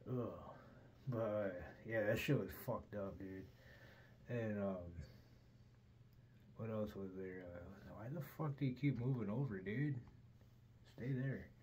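A man's voice: fairly low pitch, takes it slowly, long pauses, darkish tone, a little hiss or hum, poor audio. A middle-aged man hosting a podcast, rambling through a casual story with constant swearing and "dude". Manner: profane, says "dude" constantly. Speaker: podcast host.

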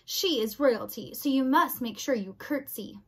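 A woman's voice: on the high side, measured pace, breathy edge. A woman reading aloud voices a stern, bossy head of the castle servants giving orders. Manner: bossy, instructing.

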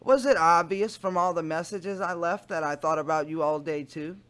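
A man playing a smarmy adult man sweet-talking online, with a slow, doting, syrupy delivery. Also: fairly high pitch, a bit bright, clear, resonant tone, pitched below the performer's own voice, lightly acted.

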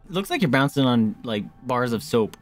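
Teasing, foul-mouthed gamer, lively pitch. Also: fairly quick, over music. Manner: joking, teasing, frequent swearing. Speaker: gamer on a co-op stream. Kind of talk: casual gaming banter.

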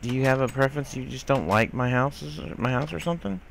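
This gameplay commentator has a gravelly, medium-pitched voice and talks briskly, with a little background noise behind him. In casual let's-play style, he grumbles and scolds the characters on screen, exasperated and given to mild swearing.

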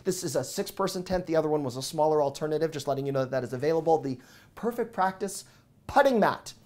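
Excited fast-talking man rattling off deals. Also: fairly high pitch. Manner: excited, rapid auctioneer-like patter. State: sweating. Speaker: deals show host. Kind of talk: fast product deal rundown.

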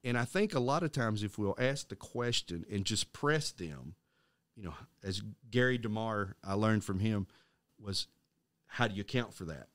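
A middle-aged man co-hosting a casual Christian podcast, telling a story with halting restarts and acting out the voices of the people in it. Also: fairly low pitch, fairly bright tone, no echo, clean studio sound. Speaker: podcast co-host.

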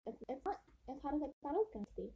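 Giggly chatty woman, higher voice. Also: big pitch swings, warm tone, highs cut off. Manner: giggly, chatty, drawn-out listing. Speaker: vlogger tasting hot sauce. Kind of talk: casual chat. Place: hotel room.

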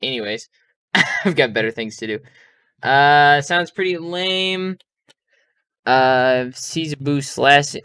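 A man playing a video game, reading its texts aloud and reacting in a quick, jumpy way. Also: fairly high pitch, fairly bright tone, smooth, dry recording. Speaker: let's play gamer. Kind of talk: casual game commentary.

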